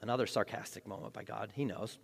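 A man's voice: on the low side, fairly even intonation, fast, vocal fry, slightly rough. A male pastor preaching a sermon in a conversational, joking way with dramatic emphasis, in a large church hall.

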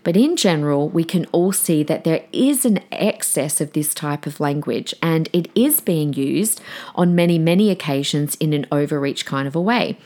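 A deep-voiced woman in her forties talks straight to her listeners on her own podcast. She is chatty and frank, with a low, grounded pitch. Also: expressive, normal speed, mellow. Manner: chatty, direct, addresses listeners as guys. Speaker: podcast host. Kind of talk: solo podcast talk.

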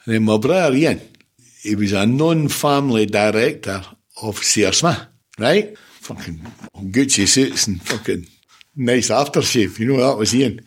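A man's voice: medium pitch, animated, a little slow, husky. A Scottish man in his seventies, a former football manager, telling stories in a casual interview, blunt and swearing freely with laughs between. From Scotland. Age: 70s.

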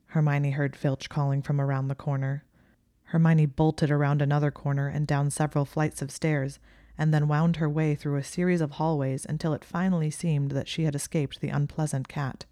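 A woman narrating fan fiction in a calm, even storytelling voice. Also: low voice, dry recording, clean studio sound.

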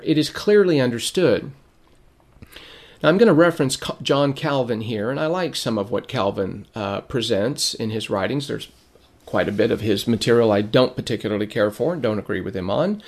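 A man teaching a sermon in a measured way, reading quotations aloud, who is losing his voice and keeps clearing his throat. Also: mid-range voice. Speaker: preacher.

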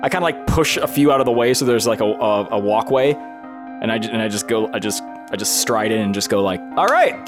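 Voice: mid-range voice, brisk, over music. A player at a tabletop game who talks in a jokey, playful way while describing his character's actions. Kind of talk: casual tabletop play.

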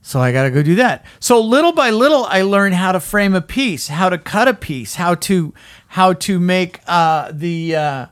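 Animated male podcast host with a fairly high voice, chatty storyteller, dry close mic. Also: moderate pace, no room sound. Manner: animated, keeps asking "right?", frequent fillers. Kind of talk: casual storytelling chat.

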